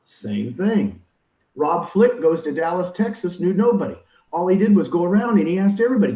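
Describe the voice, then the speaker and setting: An older man coaching in an emphatic, animated way, acting out the people he quotes. His voice sits fairly high and swings widely in pitch. He sounds far from the mic in an echoey room, with dull audio. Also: brisk. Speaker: real estate recruiting leader. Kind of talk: energetic coaching talk. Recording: roomy, distant, dull audio.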